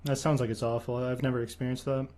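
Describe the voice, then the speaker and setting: Deadpan monotone man hosting a stream. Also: medium pitch, fast. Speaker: streamer host. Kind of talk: casual chat on a stream.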